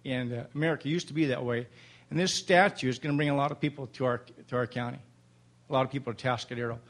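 A man's voice: medium pitch, quick pace. An older man in his seventies, a Vietnam veteran, giving an emotional, plainspoken public comment at a city council meeting.

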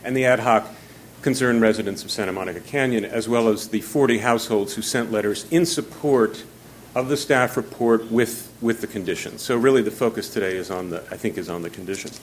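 A man's voice: on the low side, a little hiss or hum. Breathless apologetic man testifying. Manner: apologetic, hurried, halting with fillers. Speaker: neighborhood association representative. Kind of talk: public comment testimony.

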